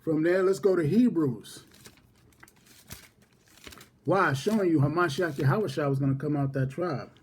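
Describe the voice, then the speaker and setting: A man with a husky, somewhat high voice leads a relaxed scripture study. He calls out each chapter and verse more than once, then reads the passage slowly and deliberately. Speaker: Bible study teacher.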